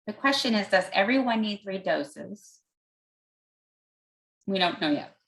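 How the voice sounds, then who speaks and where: A woman's voice: mid-range voice, expressive, measured pace, fairly bright tone, low-quality recording. A woman physician answering audience questions, explaining step by step in plain words with everyday comparisons and an occasional "um" as she thinks aloud.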